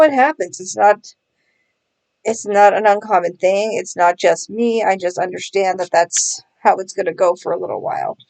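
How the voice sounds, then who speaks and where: A woman's voice: medium pitch, gravelly, a little mellow. Sarcastic woman chatting with laughs. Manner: sarcastic, self-mocking, laughs often. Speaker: vlogger. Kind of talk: casual chat.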